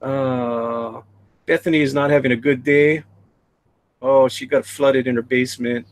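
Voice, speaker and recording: A man's voice: medium pitch, fairly even intonation, a little slow, no echo, low-quality recording. A man hosting a casual live drawing stream, chatting and reading viewer messages aloud.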